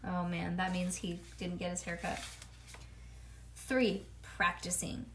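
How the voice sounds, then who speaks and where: A woman's voice: on the low side, little pitch movement, slow pace, a bit bright, a little hiss or hum. A woman reading a children's storybook aloud to her child, with chatty asides between pages. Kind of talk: bedtime read-aloud.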